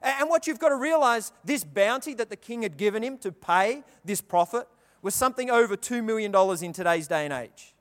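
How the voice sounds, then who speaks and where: A man preaching a sermon, telling the story with animated delivery and acting out the characters' lines. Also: high-pitched, a little fast, hardly any pauses. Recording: long reverb of a large hall.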